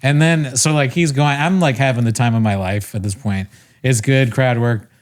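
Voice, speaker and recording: A young man co-hosting a podcast, telling a rambling, self-mocking story in casual chat. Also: mid-range voice. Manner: rambling, self-mocking, quick to laugh at himself. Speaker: podcast co-host.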